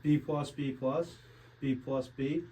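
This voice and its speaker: A man's voice: medium pitch, slow, far from the mic, rough recording. A man hosting a casual sports betting podcast, loose and mumbly as he talks through the picks. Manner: loud hyped intro, then relaxed mumbling talk. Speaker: podcast host.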